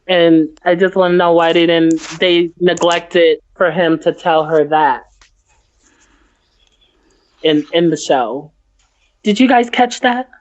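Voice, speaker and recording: A woman's voice: fairly low pitch, slow pace, long pauses. A woman co-hosting a podcast, chatting casually about a TV episode and rambling through her notes with lots of fillers. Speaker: podcast co-host. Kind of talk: casual TV recap chat. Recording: muffled lo-fi audio.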